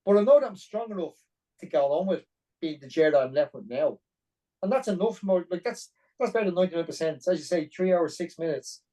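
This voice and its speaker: A man's voice: high voice, animated, brisk, warm tone, far from the mic, low-quality recording. A middle-aged man telling his own story as a podcast guest, blunt and earnest, with plenty of "like" and "you know". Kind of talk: personal storytelling interview.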